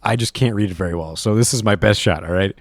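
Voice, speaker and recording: A man's voice: on the low side, quick pace, no echo. A young man telling stories and reading posts aloud in a rambling, casual way, swearing often and laughing at himself. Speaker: reddit story reader.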